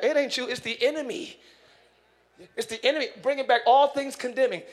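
A man pastor preaching a sermon in church, animated, acting out voices and shouting for emphasis. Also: very high-pitched, moderate pace, long pauses. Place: church sanctuary.

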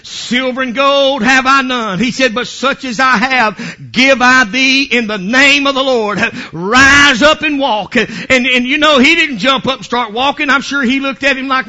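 A male preacher, delivering a fiery sermon that swings into shouting, with "praise God" refrains. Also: very high-pitched, moderate pace.

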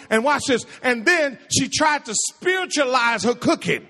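A pastor preaching a sermon in a lively, conversational way, with playful asides and quoted voices acted out. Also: male voice, moderate pace, few pauses. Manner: acts out quoted voices in a high pitch.

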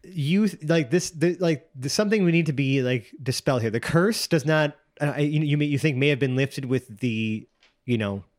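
A man's voice: fairly high pitch, normal speed, no echo, studio quality. A man narrating as game master of a tabletop role-playing game, rambling with many fillers and restarts.

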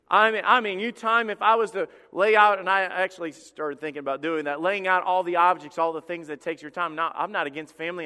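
A man's voice: high voice, bright, forceful tone, big-room sound. A pastor preaching a sermon in a church, emphatic and driving his points home through repetition. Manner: emphatic preaching, repeats key phrases. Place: church sanctuary.

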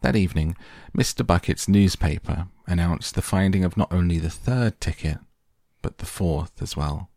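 A man narrating a children's novel in a measured storytelling manner. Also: low-pitched, gravelly, mellow, no echo, clean studio sound. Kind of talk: audiobook reading of a children's novel.

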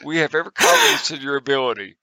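Gravelly, bright-voiced man at play. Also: a little high, wildly swooping pitch, racing, dry recording. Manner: chatty, laughs often, trails off mid-sentence. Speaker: player. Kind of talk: tabletop game play over voice chat.

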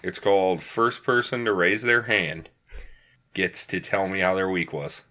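Young man, bright voice, lowish pitch, crude casual storytelling, deadpan asides, podcast host. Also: measured pace. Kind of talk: casual comedy chat.

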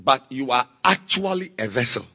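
A man preaching a sermon, slow and emphatic, repeating key words and building to loud exhortation. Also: mid-range voice, big pitch swings, highs cut off. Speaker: pastor.

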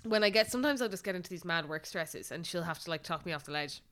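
Irish woman with a smooth, clear voice. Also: lowish voice, fast. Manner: animated, exclaiming, relaxed. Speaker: podcast co-host. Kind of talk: casual chat.

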